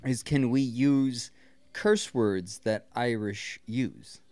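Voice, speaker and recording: A man's voice: mid-range voice, takes it slowly, a little mellow, dry recording. A Scottish man co-hosting a podcast, riffing about a movie in a rambling way and swearing freely. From Scotland. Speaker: podcast co-host. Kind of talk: casual movie commentary chat.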